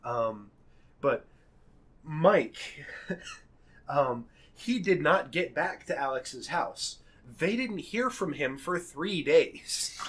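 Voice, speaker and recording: A young man telling a wild story on a podcast in a casual, animated way. He laughs often, swears freely and acts out the people he quotes. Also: fairly high pitch, extremely slow, breathy edge.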